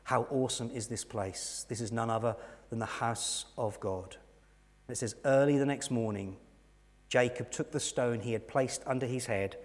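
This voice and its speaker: A middle-aged English man preaching a sermon, telling a personal story earnestly and dropping to soft, intense moments. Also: mid-range voice, normal speed. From England. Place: church hall. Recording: long hall reverb.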